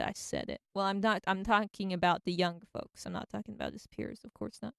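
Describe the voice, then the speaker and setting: A woman's voice: mid-range voice, fairly even intonation, brisk, creaky, hardly any pauses, fairly bright tone, clear, resonant tone, no room sound. A woman hosting a casual radio monologue, enthusiastic and slangy. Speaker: radio host.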